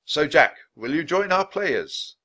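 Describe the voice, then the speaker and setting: A man's voice: fairly high pitch, sing-song, slow, sharp tone, voice pushed up, heavily acted. A man reading a storybook aloud, voicing a kindly, theatrical playwright with a courtly, old-fashioned manner.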